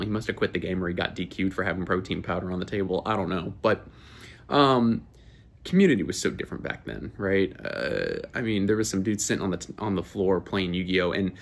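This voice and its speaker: A twentysomething YouTuber from Florida, USA, chats casually to camera, spinning rambling, profane stories. His voice is low-pitched with a slightly bright edge.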